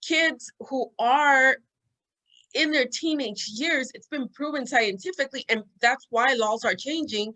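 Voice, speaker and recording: A woman's voice: a little high, bright, forceful tone, low-quality recording. A woman in a casual interview, giving thoughtful, hedged opinions with frequent ums and restarts.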